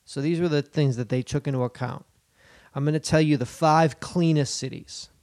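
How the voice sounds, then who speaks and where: A man's voice: a little high, normal speed, dry recording, clean studio sound. A man co-hosting a comedy podcast, riffing loosely with lots of swearing and jokey asides. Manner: animated, profane, riffing with bits and put-on voices. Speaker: podcast co-host. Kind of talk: casual comedic banter.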